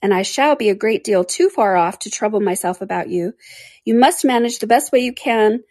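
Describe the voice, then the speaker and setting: A woman's voice: mid-range voice, expressive, a little fast, darkish tone, dry recording, clean studio sound, natural voice. A woman voicing Alice, a curious and flustered little girl who chatters to herself in a storybook reading. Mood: musing.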